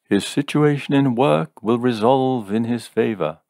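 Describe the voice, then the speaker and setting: A man's voice: mid-range voice, unhurried, gravelly, a little mellow, dry recording, clean studio sound, voice pushed up. A man doing a grave, solemn fortune teller. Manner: grave, mournful intoning. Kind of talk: audiobook character voice.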